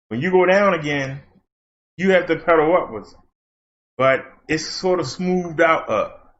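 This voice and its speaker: A man's voice: fairly high pitch, fairly bright tone. A man, hosting his channel and telling a rambling, folksy story in casual chat, full of fillers. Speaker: channel host. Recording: dull lo-fi sound.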